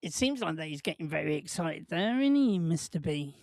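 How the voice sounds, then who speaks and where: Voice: medium pitch, very animated, normal speed, vocal fry, a little mellow, no echo, studio quality. A host, chatting casually on a live watch-along stream, rambling and jokey, laughing often and putting questions to the chat.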